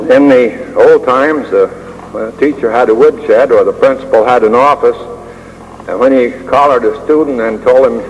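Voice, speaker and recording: Older man speaking in a reverberant hall. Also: mid-range voice. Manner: measured, with dry humor and frequent uh pauses. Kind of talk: prepared speech. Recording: long hall reverb with faint hiss.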